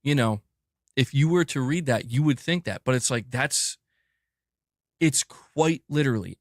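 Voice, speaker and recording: Man, ranting commentary, emphatic, mid-pitched voice, dry recording. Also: measured pace, pauses often, dry recording. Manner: emphatic, repeats himself, exasperated. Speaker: commentator in a played clip.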